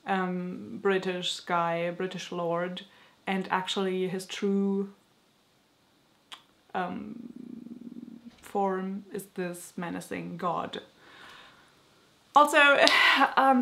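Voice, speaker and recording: A young woman vlogger in casual chat, rambling excitedly and using many filler words. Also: mid-range voice. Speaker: book vlogger.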